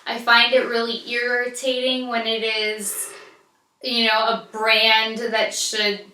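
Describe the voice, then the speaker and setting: A woman's voice: on the high side, little pitch movement, slow, sharp tone, far from the mic. An American woman in her thirties, a beauty vlogger chatting casually and gushing as she answers viewer questions. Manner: chatty and gushing, with playful asides. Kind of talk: casual chat. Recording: echoey room, a little off-mic.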